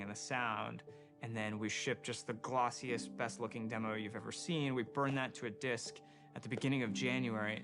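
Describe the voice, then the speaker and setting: A game developer in a behind-the-scenes interview, laying out a schedule in a brisk, casual way. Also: male voice, medium pitch.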